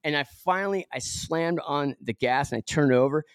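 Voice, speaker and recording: A man's voice: a little high, normal speed, clear, resonant tone, dry recording, clean studio sound. A middle-aged man from Southern California, a podcast guest telling a story with many fillers and acted-out quotes. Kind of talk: storytelling in an interview.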